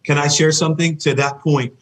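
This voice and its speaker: A man's voice: on the high side, steady tone, a loud crowd, poor audio. A man chatting casually on a podcast, reacting briefly and telling a story from his past. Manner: reminiscing storyteller, quick reactions. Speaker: podcast guest.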